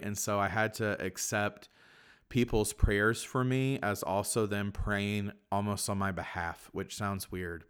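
A young man, a Catholic priest, telling his personal story in a reflective way, with many fillers and soft laughs. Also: on the low side, smooth. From Kentucky, USA. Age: young adult. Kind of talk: personal testimony in conversation.

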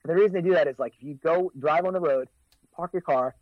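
A man's voice: fairly high pitch, fast talker, no room sound. Man, forties, from the US, casual podcast chat, rambling, fillers and restarts, dull dry recording. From United States. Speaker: podcast co-host.

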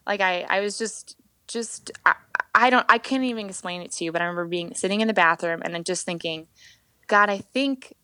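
A woman in her thirties, a worship leader, telling her faith story on a podcast guest spot in a lively, expressive way, acting out what she once said. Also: on the low side, quick pace, clear, resonant tone, no room sound. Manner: animated storytelling, acts out her own past words. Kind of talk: candid personal testimony.

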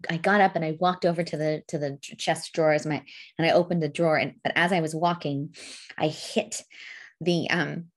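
A woman's voice: sits low, brisk. Giggly middle-aged woman. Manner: giggly, expressive, laughs through her lines. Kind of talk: casual chat, storytelling.

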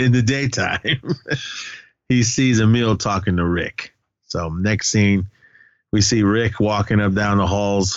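A low-voiced man casually recaps a film scene by scene, quoting the characters and filling gaps with "uh" and "like." His voice sounds dry and slightly dull, as if recorded on modest gear. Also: no room sound. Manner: retells scenes with quoted dialogue and frequent fillers. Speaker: podcast co-host.

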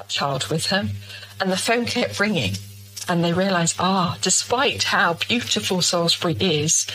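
Calm woman guest, bright tone. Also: lowish voice, slight background noise, rough recording. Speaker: charity representative, guest. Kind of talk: interview recounting.

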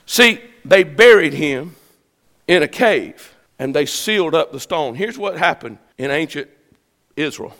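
A man preaching a sermon as pastor, building to shouted peaks. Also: on the high side, lively intonation, slow pace, in a large hall.

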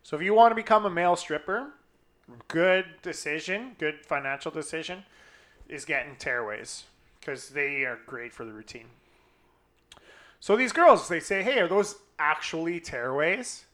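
A young man co-hosting a casual chat, telling a profane story with lively acted-out quotes. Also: a little high, moderate pace, pauses often. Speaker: podcast co-host.

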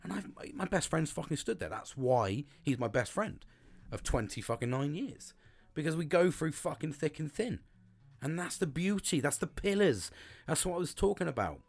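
A man's voice: on the high side, lively intonation, normal speed. Blunt, swearing middle-aged man. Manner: blunt, heavy swearing, rambling with many restarts. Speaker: podcast host. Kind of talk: casual solo podcast monologue. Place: home log cabin studio.

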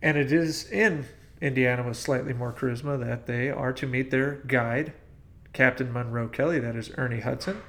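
Brief: wry male podcast host walking through the plot, gravelly edge. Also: mid-range voice, normal speed, fairly bright tone. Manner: wry, leads the plot summary. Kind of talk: casual movie-review chat.

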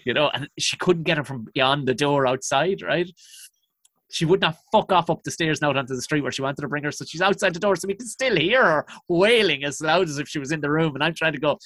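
A man's voice: a little high, quick pace, pushed and bright, no room sound. A young man, telling comic stories in a profane, self-mocking way on a podcast. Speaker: comedian guest. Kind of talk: storytelling podcast chat.

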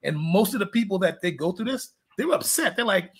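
A man's voice: high-pitched, lively intonation, brisk, few pauses, husky. A man, a fitness coach, chatting casually in an interview, telling candid rambling stories and laughing at his own jokes.

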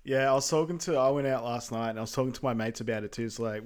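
A man's voice: mid-range voice, racing. A man co-hosting a podcast, summarizing a film's plot in an easygoing, casual way. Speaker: podcast co-host. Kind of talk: casual film recap chat.

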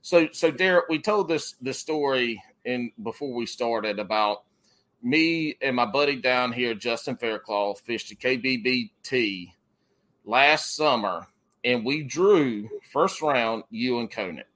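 A man's voice: medium pitch, animated, fairly bright tone. A man, a podcast host talking in loose, profane, rambling casual chat. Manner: rambling, profane, quick to laugh.

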